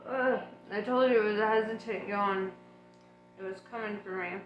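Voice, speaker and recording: A woman reading an audiobook aloud in an unhurried, relaxed way, with chatty asides. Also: medium pitch, roomy sound, dull audio, faint music behind. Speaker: audiobook reader.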